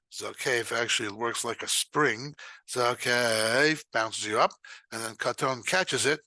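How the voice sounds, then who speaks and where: A man teaching bar mitzvah students to chant, explaining each note patiently and then singing the phrases slowly. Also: medium pitch, steady tone, pushed and bright, no room sound. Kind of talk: recorded lesson, chanting examples.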